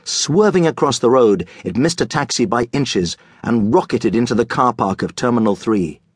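A man narrating a children's audiobook in a lively, comic storytelling manner. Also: medium pitch, normal speed, breathy edge, no room sound, clean studio sound. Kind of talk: scripted children's book narration.

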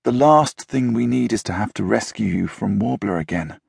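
A man's voice: lowish voice, moderate pace, gravelly, husky, no echo, studio quality, heavily acted. A man voicing an earnest, protective young male leader in an audiobook, speaking urgently.

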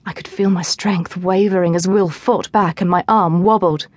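A woman narrating a teen novel in the first person, in a lively storytelling manner, close to the mic. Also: fairly low pitch, normal speed, dry recording. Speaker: audiobook narrator.

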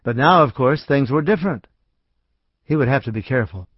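A man reading a short story aloud as audiobook narrator, calm and even. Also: mid-range voice, brisk, husky, no room sound. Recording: dry, slightly dull audiobook recording.

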